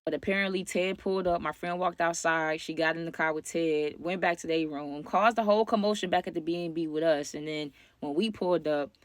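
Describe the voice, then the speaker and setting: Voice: mid-range voice, steady tone, brisk, few pauses, dry recording. A young adult vlogger telling a wild story to viewers in slangy, casual talk, often turning to address the audience directly. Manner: slangy, talks straight to the audience.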